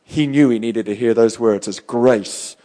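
A male pastor giving a live sermon, fervent and swinging between loud and hushed. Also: mid-range voice, unhurried.

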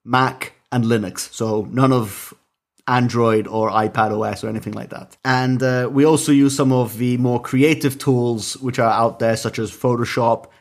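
A man co-hosting a casual podcast, Italian his first language. He explains things at a measured pace and drops in dry little remarks. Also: mid-range voice, fairly even intonation. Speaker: podcast co-host and editor. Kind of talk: casual chat.

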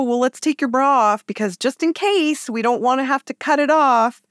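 A woman in her thirties telling a personal story in casual chat, with lively, animated quoted voices. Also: fairly low pitch, no room sound, clean studio sound. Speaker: podcast guest.

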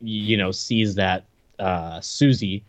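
A man with a fairly low-pitched voice speaks slowly as he co-hosts a podcast reviewing a movie. The chat is casual as he recaps scenes, laughing often.

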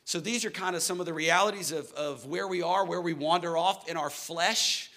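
Earnest preacher man with a bright voice. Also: a little high, moderate pace. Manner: earnest, building to emphatic declarations. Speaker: pastor. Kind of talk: sermon. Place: church hall.

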